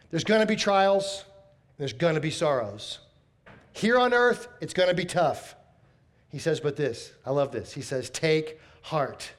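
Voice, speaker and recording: A man preaching a sermon as pastor, folksy and emphatic, repeating his key phrases. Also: fairly high pitch.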